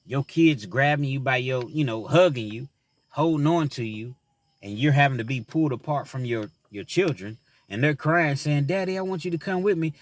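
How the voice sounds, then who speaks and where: On the high side and free of echo, this man's voice carries an earnest, reflective account of his prison time, full of "you know." He then turns his story into advice for young men.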